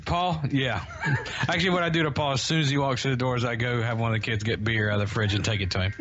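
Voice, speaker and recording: A man's voice: medium pitch, steady tone, fast talker. A man co-hosting a radio show, ranting in mock anger with laughter. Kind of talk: casual profane banter. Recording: dull lo-fi sound with loud noise.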